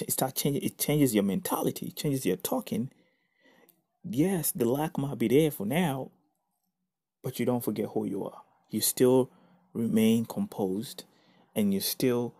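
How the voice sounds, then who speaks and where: A man's voice: mid-range voice, warm tone, husky. A man giving an earnest, casual devotional teaching, reading scripture aloud with sudden bursts of emphasis. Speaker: preacher.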